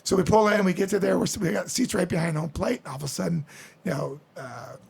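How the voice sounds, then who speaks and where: A middle-aged man from the Midwest, a podcast guest telling stories in an animated way. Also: sits high, fast, creaky, husky. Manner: animated storyteller acting out crowd voices. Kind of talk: storytelling interview.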